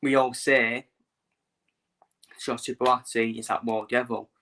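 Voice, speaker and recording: Male streamer, casual repetitive delivery, bright tone, narrow pitch. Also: flat delivery, slow pace, slight background noise. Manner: repeats himself, fillers, talks to viewers. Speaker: boxing vlogger. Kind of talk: casual live-stream commentary.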